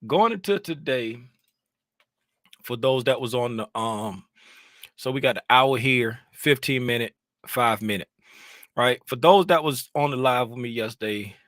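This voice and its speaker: A man giving casual live-stream commentary as a trading educator, rambling and animated, repeating phrases as he vents. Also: mid-range voice, a little slow, dry recording.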